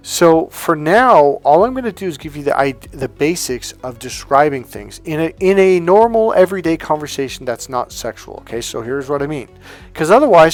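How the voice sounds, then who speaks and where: A man talking as a dating coach in a casual monologue, profane and animated, acting out the voices of the people he quotes, with faint music behind him. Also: a little high.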